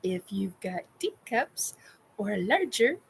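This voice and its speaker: A woman's voice: mid-range voice, big pitch swings, slow, gravelly, a little hiss or hum, low-quality recording. A woman hosting a casual chat show, telling a funny personal story in a candid, blunt way and laughing often. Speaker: podcast host.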